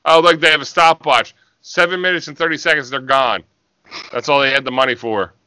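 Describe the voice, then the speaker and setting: A man's voice: medium pitch, steady tone, fairly quick, sharp tone, clear, resonant tone, no room sound. A man co-hosting a podcast, sarcastic and profane as he picks apart old wrestling. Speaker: podcast co-host. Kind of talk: crude comedic podcast banter.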